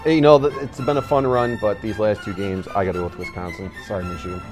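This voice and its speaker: Very deep-voiced man giving sports picks. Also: steady tone, fast talker, over music. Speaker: podcast co-host. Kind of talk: casual sports picks chat.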